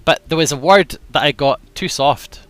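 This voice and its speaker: A man's voice: on the high side, normal speed, a bit bright, no echo, soft background music. A man with an English accent chatting casually on a live game stream, self-mocking and talkative.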